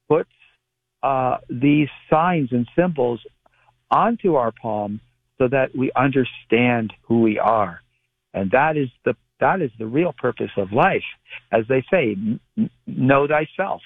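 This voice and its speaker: A man's voice: medium pitch, no echo. Man talking over a tinny phone line. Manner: measured, explanatory, restarts phrases. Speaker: palmistry guest. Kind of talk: call-in radio interview. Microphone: telephone.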